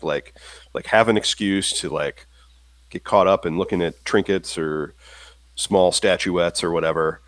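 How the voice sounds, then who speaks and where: A man's voice: low-pitched, no room sound. A man playing a tabletop role-playing game, describing his character's moves in a hesitant way, with many restarts. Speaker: player.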